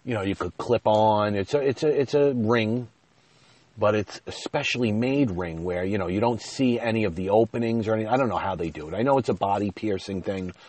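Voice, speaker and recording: A man hosting his own podcast, telling a rambling, self-deprecating story full of "you know," his voice jumping up and getting loud when he retells an argument. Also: lowish voice, brisk. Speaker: podcast host. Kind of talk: casual storytelling monologue. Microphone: podcast mic.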